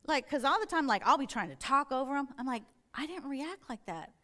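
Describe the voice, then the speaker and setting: A woman's voice: sits high, sing-song, a little fast, bright, forceful tone. A middle-aged woman, a church elder, giving an earnest sermon-style testimony and acting out her own inner dialogue as she tells her story.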